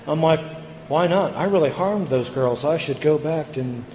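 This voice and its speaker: A man giving an earnest personal recovery share at a meeting, halting and repeating words as he goes. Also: on the high side, background noise. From United States. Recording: echoey hall, long reverb.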